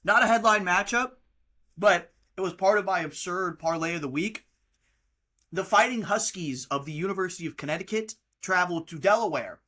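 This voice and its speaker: This young American podcaster in his twenties has a high voice that sounds pushed and bright, at a moderate pace. He rants hotly about college football, taunting teams and cursing a lot in a casual sports tirade.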